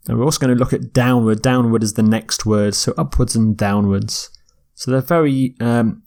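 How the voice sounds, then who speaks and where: A man delivers a recorded vocabulary lecture at a slow, measured pace. He explains each word carefully, sometimes stopping to correct himself. His voice sits in a middle pitch. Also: a little mellow. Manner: slow, deliberate, with self-corrections. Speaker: English teacher.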